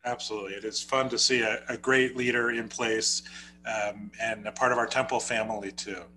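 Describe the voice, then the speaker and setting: Bright-toned New Jersey man. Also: lowish voice, steady tone, rough recording. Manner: halting, many filler sounds. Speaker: podcast co-host. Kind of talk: casual interview chat.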